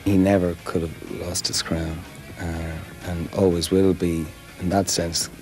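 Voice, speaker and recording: A man's voice: deep voice, little pitch movement, measured pace, over music. A man musing reflectively in an interview.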